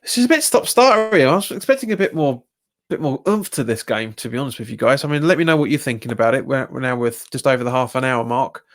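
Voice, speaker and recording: A young man with a Cockney-tinged London accent doing live watch-along commentary of a football match, reacting loudly to refereeing calls and answering viewers' chat. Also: lively intonation, quick pace. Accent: Cockney-tinged London English. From England. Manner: exasperated, jumps up in pitch at bad calls, chats with viewers. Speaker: football fan livestreamer.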